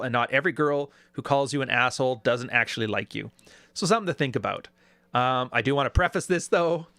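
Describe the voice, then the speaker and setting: A man's voice: mid-range voice, no echo. A man giving casual, sarcastic reaction commentary on video clips, often putting on mocking voices. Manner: animated, sarcastic, does mocking quoted voices. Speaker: YouTube commentator.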